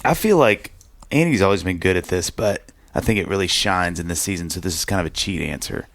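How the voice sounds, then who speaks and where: Gravelly-voiced man, animated storyteller. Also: low voice, brisk, dry recording. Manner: animated storyteller, acts out quotes. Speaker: podcast co-host. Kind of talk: casual podcast chat.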